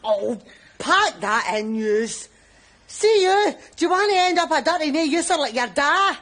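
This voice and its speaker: A Glaswegian actress playing a sharp-tongued, scolding wife and mother in a sitcom, with audience laughter. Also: expressive, a little slow, slight background noise. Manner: scolding, sarcastic, shrill. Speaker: sitcom character. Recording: studio audience laughter behind.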